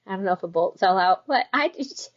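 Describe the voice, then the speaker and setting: A woman's voice: medium pitch, animated, highs cut off. Chatty woman hosting a yarn shop stream. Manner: chatty, rambling, quick asides. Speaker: yarn shop live show host. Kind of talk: casual chat with product demo.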